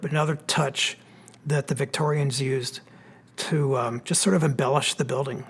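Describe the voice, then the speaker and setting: A man with a Pennsylvania accent, an architect giving a relaxed, explanatory slide lecture with plenty of fillers. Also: medium pitch, normal speed, husky. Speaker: architect giving a history talk. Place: church hall.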